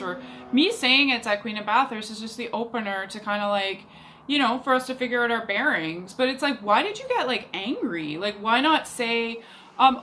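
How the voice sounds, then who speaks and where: A woman's voice: mid-range voice, lively intonation, moderate pace, a bit bright, slight background noise, poor audio. A young woman telling a rambling, exasperated story about a bad date, leaning on "like" constantly. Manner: chatty, exasperated, heavy use of "like". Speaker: vlogger. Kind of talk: casual storytelling rant.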